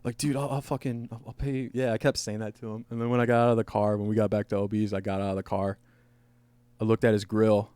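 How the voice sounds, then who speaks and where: A man's voice: lowish voice, level tone, fast talker, warm tone, clear, resonant tone, no room sound. Casual, profane male podcast storyteller. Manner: rambling, profane, laughing at his own story. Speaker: podcast host. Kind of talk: casual storytelling among friends.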